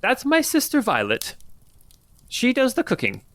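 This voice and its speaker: A man voicing a kindly old woman who keeps a tavern, in a high old-lady voice. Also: huge pitch swings, measured pace, a bit bright, no room sound, full character voice. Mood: welcoming.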